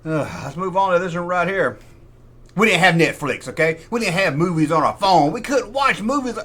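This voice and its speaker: A man's voice: high-pitched, expressive, normal speed, fairly bright tone. A man hosting a collectibles video in casual show-and-tell style, rambling and jokey with self-deprecating asides. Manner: puts on mock voices for quoted people.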